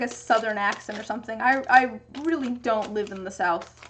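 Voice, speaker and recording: This streamer, a young woman from the Pacific Northwest, makes resin dice at her home craft space and talks casually, musing aloud as she works. She speaks at an ordinary pace in a fairly bright, higher-pitched voice, with slight background noise.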